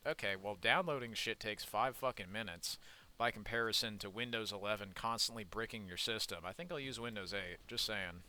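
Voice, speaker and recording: A man's voice: fairly low pitch, brisk, sharp tone. Ranting young man gaming commentary. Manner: rambling, profane, ranting. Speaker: gaming YouTuber. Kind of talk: casual let's-play commentary.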